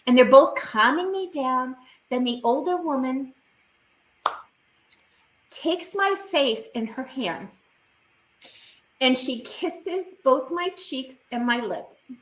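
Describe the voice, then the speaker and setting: A woman's voice: high-pitched, lively intonation, takes it slowly, pauses often, echoey room, a little hiss or hum, poor audio. A woman guest on a video call, recounting a personal experience in vivid, emotional detail.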